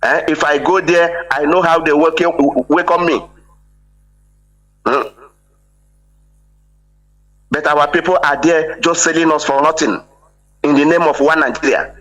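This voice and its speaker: An emphatic man speaks on a live call-in, keeping his pitch a little high and his tone bright and forceful. He keeps tossing in "eh?" to press his point. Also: steady tone, measured pace, long pauses, rough recording. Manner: emphatic, repeats "eh?" for agreement. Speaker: caller. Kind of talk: impassioned call-in speech.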